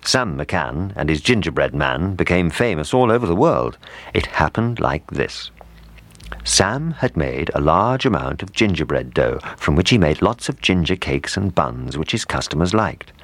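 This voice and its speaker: A man reading a children's story aloud in a calm, steady way. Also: extremely low pitch, moderate pace, dry recording. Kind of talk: storybook narration.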